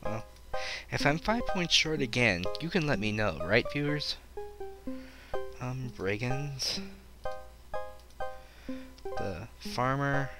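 A man's voice: medium pitch, animated, takes it slowly, long pauses. Casual game commentator, man, chatty and self-deprecating, music in the background. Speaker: let's play commentator.

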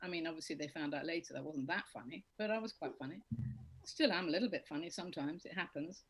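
A woman's voice: deep voice, fast, husky, low-quality recording. A British woman comedian telling rambling, self-deprecating stories in a casual podcast chat. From Britain. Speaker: comedian guest.

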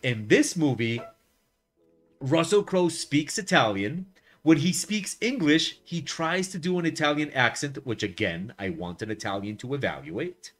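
On a live art stream, a man with a fairly high voice chats casually while drawing, speaking a little slowly. He rambles with lots of fillers and restarts, telling things in a wry, lively way.

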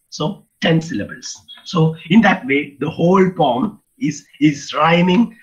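Man, muffled. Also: fairly high pitch. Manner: halting, restarts and repeats phrases while explaining. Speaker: guest lecturer on poetry. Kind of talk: online academic lecture. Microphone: video call.

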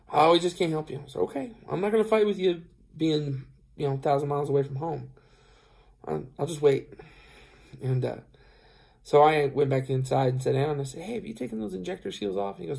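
A man's voice: a little high, gravelly, a little mellow. A tired man who drives trucks telling a rambling story to camera, acting out both sides of the conversation with plenty of fillers. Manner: rambling, retells dialogue, many fillers. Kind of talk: casual storytelling vlog.

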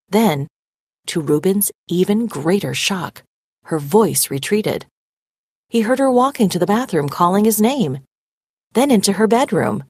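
A woman reading a story aloud expressively and pausing to define vocabulary words. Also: mid-range voice, husky, no echo, studio quality. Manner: animated, dramatic storytelling. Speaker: reader.

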